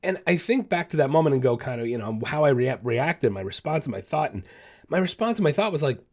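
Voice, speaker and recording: A man's voice: fairly high pitch, big pitch swings, quick pace. A man hosting a dog podcast, talking in a casual, emphatic way and repeating phrases to drive his point home. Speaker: podcast host and dog trainer.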